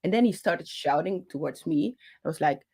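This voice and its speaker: A woman's voice: low-pitched, lively intonation, moderate pace, warm tone, husky. A woman hosting her own channel, telling a personal story with passion and speaking into a handheld microphone, with many fillers and restarts. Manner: passionate, talks with her hands. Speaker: channel host.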